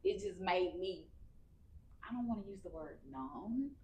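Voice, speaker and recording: A woman's voice: fairly low pitch, lively intonation, unhurried, warm tone. A woman in her thirties, a podcast guest telling her story candidly and with emotion in casual speech. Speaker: podcast guest, cancer survivor. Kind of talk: casual heartfelt interview.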